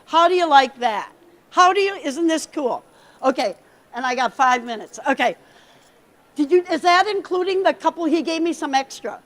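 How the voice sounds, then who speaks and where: High-pitched lady speaker at a conference, lively, talks straight to the crowd. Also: normal speed. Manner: lively, coaching audience directly. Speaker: keynote speaker. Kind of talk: conference workshop talk. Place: conference hall stage.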